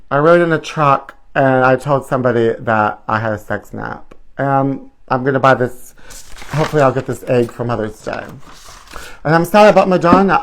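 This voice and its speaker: A man hosting a live stream, chatting to viewers in a campy, sassy, rambling way. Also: fairly high pitch.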